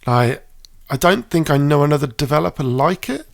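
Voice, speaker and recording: A man's voice: on the high side, lively intonation, normal speed, creaky, no room sound, studio quality. A man co-hosting a casual video game graphics comparison, rambling with many ums. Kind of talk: casual commentary over footage.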